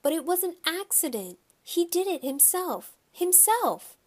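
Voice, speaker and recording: A woman voicing a bossy, whiny young schoolgirl in a storybook, with a shrill, pleading manner. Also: big pitch swings, moderate pace.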